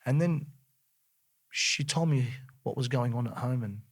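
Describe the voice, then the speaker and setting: A middle-aged Australian man, speaking at medium pitch and a measured pace, shares a personal story as a guest. He's earnest throughout and grows more animated when recounting scenes.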